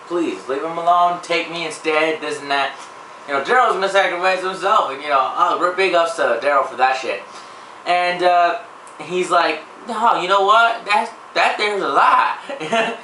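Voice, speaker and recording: A young man hosting a gaming channel, giving a casual, rambling TV episode recap full of swearing and filler words. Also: sits high. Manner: profane, filler-heavy, excitable. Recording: echoey room, distant mic, faint hiss.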